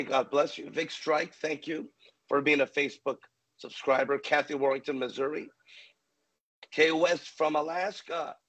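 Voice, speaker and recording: A fairly high-voiced male preacher opens his livestream, calling out the names of viewers one after another. He is exuberant and fervent, throwing in praise and quick bursts of praying in tongues between greetings. It sounds like a live broadcast, not a studio read. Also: fairly bright tone, rough recording. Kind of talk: live-stream greeting of viewers before a sermon. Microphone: livestream camera mic.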